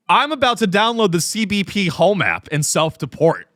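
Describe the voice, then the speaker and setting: Sarcastic, animated male podcast host. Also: a little high, normal speed, dry recording, clean studio sound. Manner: sarcastic and profane, with lots of fillers. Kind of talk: comedic podcast rant.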